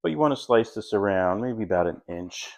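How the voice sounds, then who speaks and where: A middle-aged man hosting a home cooking demonstration, walking through each step in a relaxed, chatty way. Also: on the low side, brisk, creaky. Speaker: home cook host.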